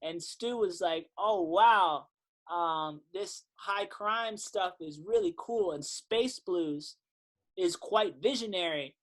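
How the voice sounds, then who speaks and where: Animated man telling stories. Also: high voice, takes it slowly. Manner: animated storyteller, acts out quotes, swears casually. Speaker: podcast guest, singer-songwriter. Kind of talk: casual storytelling interview.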